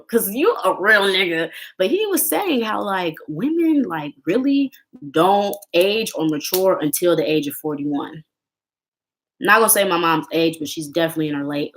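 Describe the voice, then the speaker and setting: A woman's voice: lowish voice, a bit bright. A woman in her twenties, ranting bluntly and heatedly to camera and swearing constantly. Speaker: vlogger.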